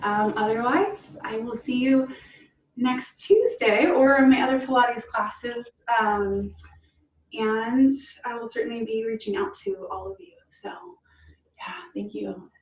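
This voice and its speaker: A woman's voice: a little high, a little slow, roomy sound, recorded from a distance, low-quality recording. A woman fitness instructor leading an online cool-down and stretch class, encouraging and upbeat, laughing often. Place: room at home on a video call.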